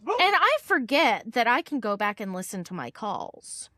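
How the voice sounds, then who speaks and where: A woman's voice: a little high, normal speed, no echo. A woman co-hosting a podcast, telling a story in casual chat and acting out the people she quotes. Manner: animated, acts out quoted dialogue, laughs often. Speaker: podcast co-host.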